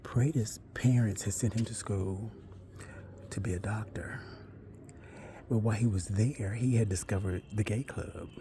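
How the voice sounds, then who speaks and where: A man telling a long, rambling personal story in a chatty way, with asides and self-corrections, sometimes dropping to a hush. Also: lowish voice, measured pace, long pauses, noisy background.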